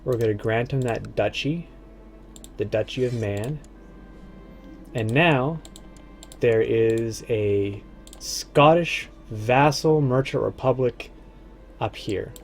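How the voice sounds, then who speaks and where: A man streaming a strategy game, casually thinking aloud and muttering to himself, his words often trailing off low. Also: takes it slowly, pauses often, faint music behind.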